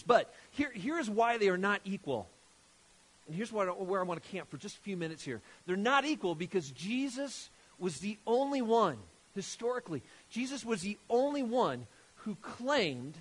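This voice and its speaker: Brief: emphatic preacher, bright lively delivery, pitch a touch high, restarts phrases as he builds. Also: moderate pace, husky. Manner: animated, emphatic, with frequent restarts. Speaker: pastor. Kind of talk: sermon.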